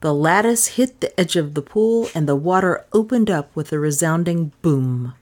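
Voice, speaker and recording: Low-voiced woman narrating an audiobook. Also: lively intonation, moderate pace, a little mellow. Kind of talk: scripted narration of a crime novel.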